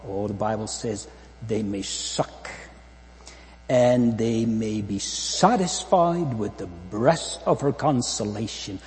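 A man's voice: on the low side, takes it slowly, a little mellow. A man preaching a fervent sermon to a congregation, repeating phrases and asking rhetorical questions. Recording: long hall reverb with mains hum.

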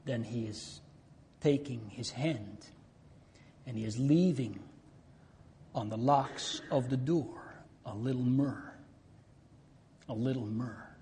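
Male preacher, slow delivery, soft dark tone, rises to loud appeals then drops to near-whispers. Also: mid-range voice, slight background noise. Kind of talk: sermon.

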